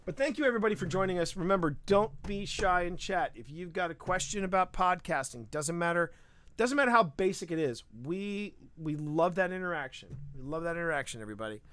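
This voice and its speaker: Animated rambling male podcast host. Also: sits high, a little fast. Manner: animated, rambling, frequent restarts. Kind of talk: casual live-stream chat.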